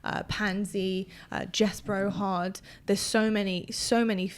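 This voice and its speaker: A young adult woman, an esports caster, chatting casually on a podcast, animated and quick to laugh. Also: mid-range voice.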